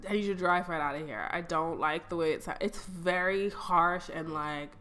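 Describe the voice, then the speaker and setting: A woman's voice: lowish voice, normal speed, pushed and bright, slight background noise. A young woman in her twenties co-hosting a casual chat podcast, blunt and swearing freely. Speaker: podcast co-host.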